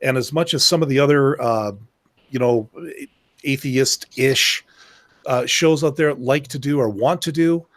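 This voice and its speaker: Man, podcast co-host, mid-pitched, casual political chat, rambling. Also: measured pace. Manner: rambling, searching for words.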